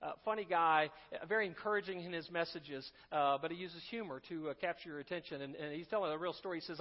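A pastor preaching a sermon in a conversational way, with asides, restarts and humor. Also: male voice, fairly high pitch, fast talker, few pauses, big-room sound, muffled recording.

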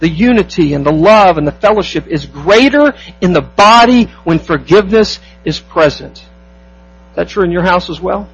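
Man, pastor, sermon, high voice, husky, emphatic, rhetorical questions. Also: animated, moderate pace, dull audio.

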